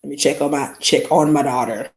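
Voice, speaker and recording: A woman's voice: extremely low pitch, a little fast, roomy sound. A woman, telling a story to her listeners in a blunt, casual podcast monologue. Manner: animated, blunt, addresses listeners as y'all. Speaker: podcast host.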